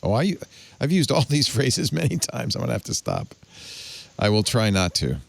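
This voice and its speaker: A man's voice: mid-range voice, big pitch swings, moderate pace, vocal fry, no room sound. A man hosting a casual panel chat, musing aloud and laughing often. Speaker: host.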